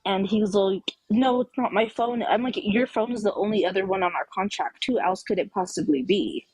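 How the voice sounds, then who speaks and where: A woman's voice: medium pitch, moderate pace, a little mellow, rough recording. A woman caller on a live talk show telling a personal story emphatically, acting out the quoted dialogue. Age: adult with children.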